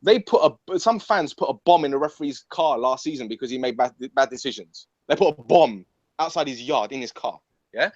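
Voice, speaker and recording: A young man arguing about football in a blunt, animated, sweary way, repeating himself as he talks. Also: mid-range voice, brisk, dry recording. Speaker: football fan pundit. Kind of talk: heated casual football debate. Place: his mum's house. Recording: dull, muffled audio.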